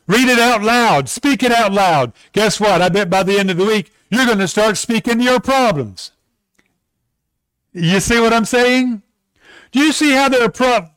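A male preacher with a high, light voice, earnest and direct as he urges his listeners on. He slows right down to lean on each line of scripture. The sound is close and dry, with no room echo. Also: a bit bright, smooth. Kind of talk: sermon.

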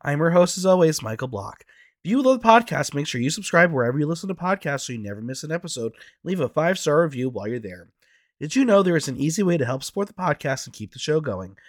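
Chatty hoarse male podcast host. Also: on the high side, fast talker, no echo. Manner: animated and chatty. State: hoarse from allergies. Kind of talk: casual podcast chat.

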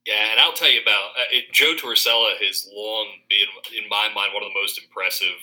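On a low-quality recording, a college faculty member from Pennsylvania, in his thirties, chats as a podcast guest, often restarting and laughing. His voice sits fairly low and sounds steady and sharp, and he talks a little fast.

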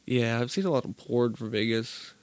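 Male podcast co-host, mid pitch, dry sound, crude teasing banter. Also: normal speed, a little mellow, clear, resonant tone, dry recording. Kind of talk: casual chat.

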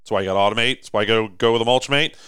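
Rambling man telling a story, smooth voice. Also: fairly low pitch, rapid-fire, a bit bright, dry recording, studio quality. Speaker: podcast co-host. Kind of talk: casual chat. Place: indoor office or shop.

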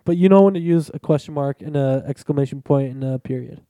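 Young male podcast co-host, laid-back joker, mellow voice, dry sound. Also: mid-range voice, quick pace, no echo. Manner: joking, laid-back, profane. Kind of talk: casual chat.

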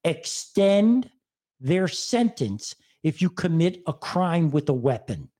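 An older man, spinning a story in relaxed chat and slipping into other people's voices as he goes. His voice swings widely in pitch. The tone is dark and mellow. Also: slow. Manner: animated storyteller, mimics an old Italian man. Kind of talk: casual chat.

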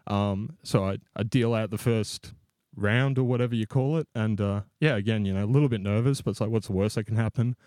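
A young man spins a rambling, self-deprecating story and laughs at himself often. His voice sits a little low, and the sound is close and very dry, with no room in it. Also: a little fast, few pauses, darkish tone, no echo. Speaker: podcast co-host. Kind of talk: casual storytelling.

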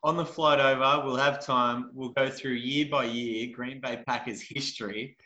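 A man joining a podcast as a guest, loud, hyped and boastful. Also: mid-range voice, steady tone, unhurried, lo-fi sound. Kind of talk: casual banter. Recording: roomy echo.

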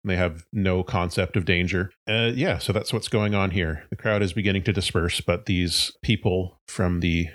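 A man serving as game master, narrating a tabletop game in a relaxed, descriptive way. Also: low-pitched, normal speed, few pauses, dry recording.

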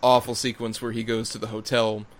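A man's voice: on the low side, level tone, brisk. A man co-hosting a casual film review podcast, blunt and profane, laughing often as he talks. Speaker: podcast co-host.

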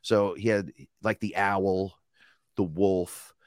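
A man's voice: sits low, takes it slowly, no echo. Profane storytelling man, dry close sound. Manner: animated, profane, acts out other people's voices. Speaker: podcast guest, rapper and shaman. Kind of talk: casual storytelling conversation.

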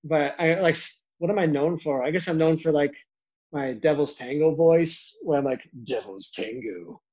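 Chatty young man with a higher voice. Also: fairly even intonation, a little mellow. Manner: quick, chatty, lots of "like" fillers. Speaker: YouTuber guest. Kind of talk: casual interview chat. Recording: dull lo-fi sound.

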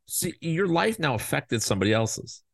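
A man hosting a podcast, delivering a blunt, profane opinion monologue that swings into loud mocking voices. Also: on the high side, very animated, moderate pace, vocal fry, dry recording. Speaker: podcast host.

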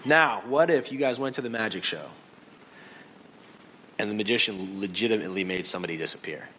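A male pastor preaching a sermon in an animated way, acting out other people's voices and reactions. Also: on the low side, fairly quick, slight background noise, rough recording.

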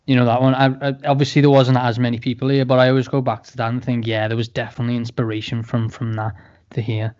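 A man co-hosting a casual podcast, joking and swearing in a relaxed way. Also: mid-range voice, fast. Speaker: podcast co-host. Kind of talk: casual chat. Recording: slightly dull, muffled audio.

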